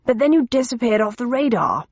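Brief: woman reader as a clipped, hurried older gent, dull audiobook sound. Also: on the high side, sing-song, darkish tone, dry recording, voice pushed up. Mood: urgent. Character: brisk fussy older English gentleman official.

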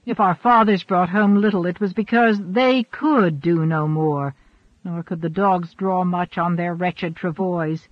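A man reading the part of a bold, boastful young hunt leader in an audiobook, speaking loudly and defiantly. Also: sits high, measured pace, dry recording. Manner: loud, emphatic, defiant. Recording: dull, dry recording.

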